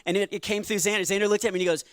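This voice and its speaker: A middle-aged man doing stand-up comedy on a church stage, shifting between earnest testimony and playful jokes, with quick asides and laughs at his own lines. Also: high voice, fairly even intonation, no echo. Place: church stage before a live audience.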